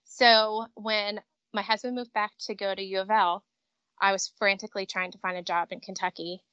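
A woman in her thirties, a company director, telling stories in a chatty, animated way as a guest in a casual interview. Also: medium pitch, moderate pace, clear, resonant tone, no echo, dull audio. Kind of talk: casual interview over a call. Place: vacation home with traffic outside.

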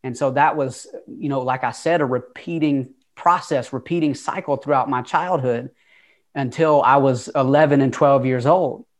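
A young man from Atlanta, USA, with a Southern twang, shares his own story as an interview guest. He's open, earnest and conversational, dropping in casual fillers. His voice is an everyday mid-range one at a moderate pace.

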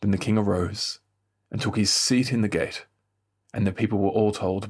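This man's husky, lowish voice stays fairly even in intonation as he leads morning prayer. He reads the scripture with measured solemnity and lifts his tone a little when speaking quoted lines.

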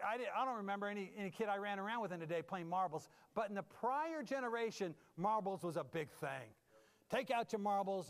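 A man preaching a humorous sermon as a pastor, animated and self-mocking, moving from loud bursts to low asides. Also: long reverb tail.

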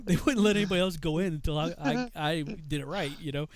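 A man from Massachusetts casually telling a story, animated and laughing often as he acts out the people in it. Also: fairly high pitch, fast.

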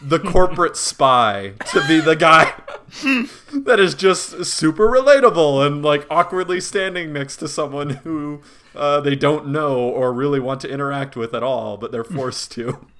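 A man's voice: a little high, lively intonation, measured pace, a bit bright, slight background noise. A man co-hosting a podcast in loose, casual chat. He laughs often between phrases and swears freely. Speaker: podcast co-host.

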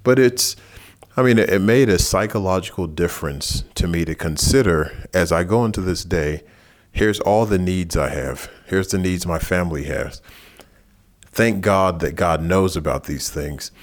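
A man teaching a Bible passage in a relaxed, conversational sermon, who rises in pitch for lively asides. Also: normal speed. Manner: casual and animated, jumps higher in pitch for asides. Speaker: pastor.

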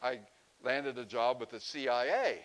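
A man's voice: medium pitch, normal speed, lightly acted, low-quality recording. A man voicing a boastful retired talking dog in a folksy, rambling way.

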